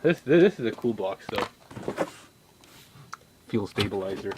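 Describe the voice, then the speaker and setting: A young man rambling casually in his home workshop, swearing a lot and breaking into sudden loud outbursts. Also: fairly low pitch, lively intonation, measured pace, pauses often, heavy background noise. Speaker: vlogger.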